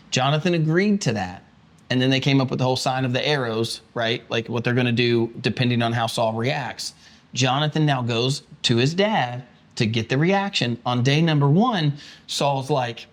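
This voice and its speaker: A man, a pastor, teaching a conversational Bible study, acting out the quoted speech in animated bursts with frequent restarts. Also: mid-range voice, normal speed.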